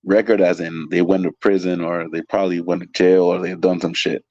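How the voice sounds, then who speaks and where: A low-voiced restaurant waiter from California, appearing as a guest, tells wild stories in casual storytelling mode, talking briskly and animatedly, swearing a lot and saying "like" constantly. The recording is dry, with the highs cut off.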